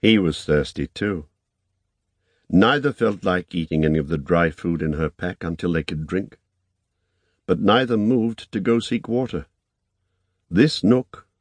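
A man narrating an audiobook in a calm, measured reading. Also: low voice, slightly rough, no room sound.

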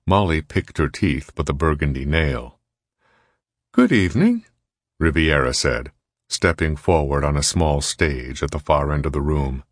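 A man narrating an audiobook in an even, measured reading. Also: rumbling low, no echo, clean studio sound. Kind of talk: scripted narration.

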